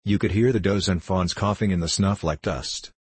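A man reads a classic storybook aloud in a low, husky voice. The sound is dry and close, with no room around it. He gives the characters' lines in nearly his own voice. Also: moderate pace, no echo. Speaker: audiobook narrator. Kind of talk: scripted storybook narration.

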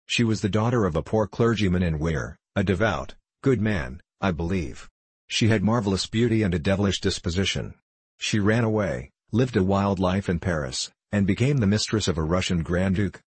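A man reading a novel aloud as audiobook narration, in an even, unhurried storytelling manner. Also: sits low, breathy edge, no echo. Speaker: audiobook reader. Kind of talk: scripted narration.

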